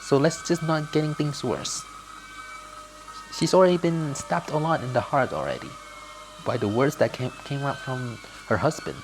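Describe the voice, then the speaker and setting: A man's voice: mid-range voice, expressive, moderate pace, faint music behind. Rambling man commenting on a game. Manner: rambling, with slips and laughs. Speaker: gaming channel host.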